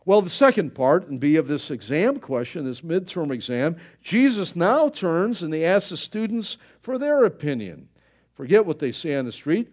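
A man preaching a sermon, animated, with many fillers, rising in volume for emphasis. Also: on the high side, moderate pace. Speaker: pastor.

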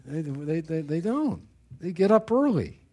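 A man's voice: a little high, sing-song, darkish tone, breathy edge. A man preaching a sermon in a folksy storytelling way, chuckling at his own anecdotes and often restarting his sentences. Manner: halting with repeated restarts.

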